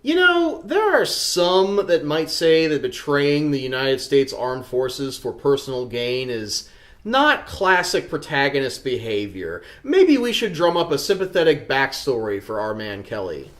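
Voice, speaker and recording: A man's voice: mid-range voice, very animated, a little slow, fairly bright tone. A man hosting a comedic movie review show, with a sarcastic, snarky delivery.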